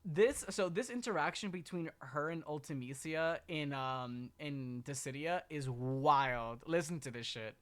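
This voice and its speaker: A streamer chatting casually on a live stream, excitable and profane, swinging from low mutters to squeals. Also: unhurried, few pauses.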